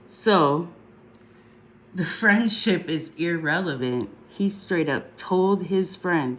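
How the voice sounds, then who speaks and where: A woman's voice: fairly low pitch, slow pace, a little hiss or hum. A congested woman talking casually on a livestream, rambling and chatty, often saying "um" and asking "right?" along the way.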